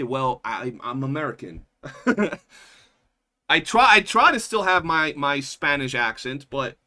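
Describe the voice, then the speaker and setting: Slangy New streamer guy, bright voice. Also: medium pitch. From New York. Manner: loose, profane, slangy, keeps saying bro. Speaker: livestreamer. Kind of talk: casual chat with viewers.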